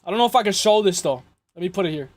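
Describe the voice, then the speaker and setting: A man's voice: sits high, lively intonation, racing, faint music behind. A young man hosting a casual livestream chat with slangy, rambling talk, his voice a little worn out, constantly repeating "guys". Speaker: livestream host.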